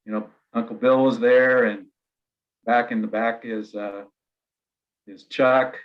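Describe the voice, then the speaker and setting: A man's voice: mid-range voice, fairly even intonation, takes it slowly. A man, a cousin, easily talking through an old photo at a memorial on a video call. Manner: easygoing, with uhs. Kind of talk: memorial remarks. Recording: dull video call audio.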